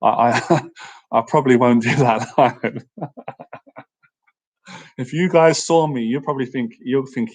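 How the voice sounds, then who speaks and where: During a live-stream Q&A, a social skills coach chats casually and upbeat, laughing easily and often asking "right?", growing animated when he tells stories. His medium-pitched voice is unhurried with frequent pauses, and the recording is low quality.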